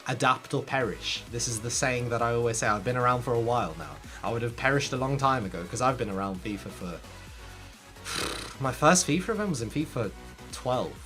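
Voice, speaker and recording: Man giving lively gaming tips. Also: medium pitch, moderate pace, soft background music. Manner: animated, addresses viewers directly. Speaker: gaming content creator. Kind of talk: casual tips talk to camera.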